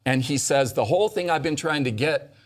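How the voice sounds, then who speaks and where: A man's voice: on the high side, fairly quick. A man hosting a Bible discussion, teaching with emphatic stress as he quotes scripture. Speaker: host leading a Bible study discussion. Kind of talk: animated teaching in a round-table talk.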